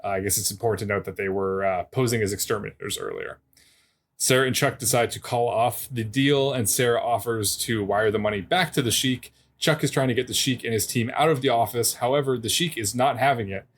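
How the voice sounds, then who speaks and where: A man of middle pitch, the co-host of a podcast, walking the listener through a story recap. His delivery is steady and plot-focused, broken now and then by dry asides. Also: a little fast. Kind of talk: casual recap of a TV episode.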